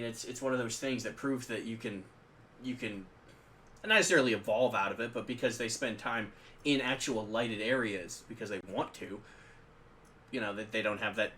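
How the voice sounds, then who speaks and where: Bright-voiced man chatting casually. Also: on the low side, a little hiss or hum. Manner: rambling and conversational, with frequent restarts. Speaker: podcast co-host. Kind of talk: casual chat about tabletop games.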